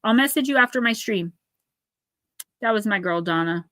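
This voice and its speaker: Her voice mid-range and animated, a woman does a live oracle card reading at a moderate pace. She comes across as caring and earnest, speaking to viewers by name in a bright, clear tone. The recording is close and dry, free of room echo.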